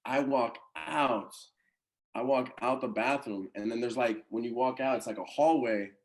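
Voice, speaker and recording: A man who coaches college baseball, telling a story in a casual podcast chat, animated and full of slang and swearing. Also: medium pitch, moderate pace. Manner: animated, slangy and profane, with many acted-out quotes.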